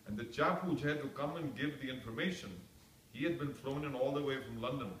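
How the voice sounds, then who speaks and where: Bright-voiced man telling lively stories. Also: mid-range voice, a little fast. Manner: animated, chatty, self-mocking, breaks into asides. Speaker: actor telling stories to a reunion audience. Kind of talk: casual anecdotal storytelling. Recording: echoey room, distant mic, faint background noise.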